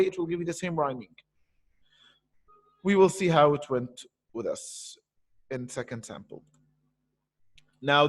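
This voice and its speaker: A man teaching an online poetry lesson, patiently explaining and repeating key points. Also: sits high. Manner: patient, explains slowly with repetition. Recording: echoey room with long reverb.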